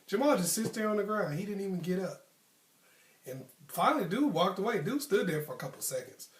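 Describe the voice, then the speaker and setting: A man's voice: high voice, lively intonation, fairly quick, far from the mic. A man casually telling a personal story as a channel host, conversational, with frequent ums and likes. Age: adult, past his youth. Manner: conversational, many ums and likes, acts out friends' tough talk. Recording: echoey room.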